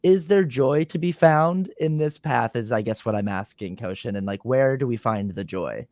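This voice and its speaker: A man's voice: medium pitch, normal speed, a little mellow, no room sound. A man hosting a podcast, asking an earnest, searching question. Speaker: podcast host.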